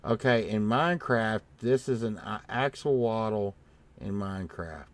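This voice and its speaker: Man, very slow talker, rambling casual livestream chat, jokey, swears. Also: lowish voice. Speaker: livestream co-host.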